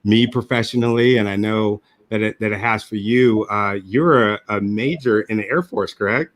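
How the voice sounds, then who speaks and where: A man's voice: lowish voice, normal speed, no room sound, studio quality. A man hosting an interview, talking reflectively and telling stories with frequent restarts. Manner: reflective, storytelling, many restarts. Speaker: podcast host. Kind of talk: casual interview chat.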